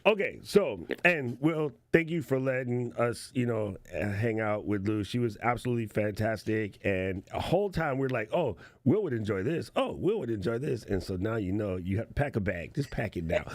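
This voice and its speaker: A man's voice: mid-range voice, no room sound. A man hosting a casual livestream show, playful and slangy, laughing often as he chats. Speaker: show host.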